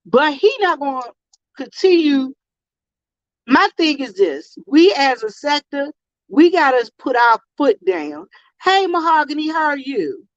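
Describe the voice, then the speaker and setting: Brief: woman, high voice, animated live-stream host, dry dull lo-fi sound. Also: a little slow, no echo. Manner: animated, greets chat viewers mid-story. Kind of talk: casual live-stream storytelling. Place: convenience store.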